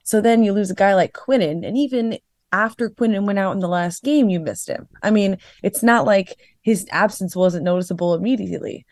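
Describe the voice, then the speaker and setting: A woman's voice: medium pitch, fairly quick, a little mellow, no room sound, clean studio sound. A young adult woman giving casual sports analysis, rambling with lots of fillers and a wry, sarcastic edge. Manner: rambling, filler-heavy with frequent "like". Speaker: guest analyst.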